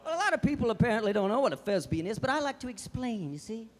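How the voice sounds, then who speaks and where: A man's voice: extremely high pitch, very animated, fast. A man playing a hip male beatnik poet in a fez, delivering jive hipster patter and theatrical verse in a live stand-up character act. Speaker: stage comedian. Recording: live stage with reverb, music and audience.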